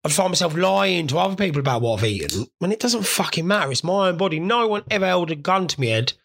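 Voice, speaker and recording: Young man, solo host, gravelly and bright, jokey and sweary. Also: high voice, animated, quick pace. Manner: rambling, sweary, jokey storytelling. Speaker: podcast host. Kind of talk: casual solo monologue.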